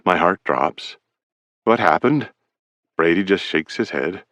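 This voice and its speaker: A man reads an audiobook in a deep, low register. The recording is dry and close, with no room sound. He delivers the story dramatically, lifting his voice for different characters. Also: measured pace, a bit bright, no room sound. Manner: dramatic, shifts pitch for quoted characters. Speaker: audiobook narrator.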